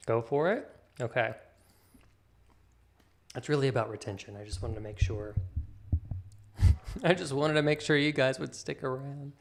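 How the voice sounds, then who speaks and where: A man hosting a casual livestream, chatting with viewers and talking softly to his pet between remarks. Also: mid-range voice, normal speed, gravelly, pauses often. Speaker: livestream host.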